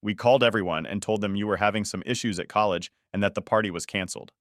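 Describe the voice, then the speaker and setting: A man's voice: lowish voice, fast talker, a bit bright, dry recording, clean studio sound. A man voicing an impatient, dismissive middle-aged mother in a story reading.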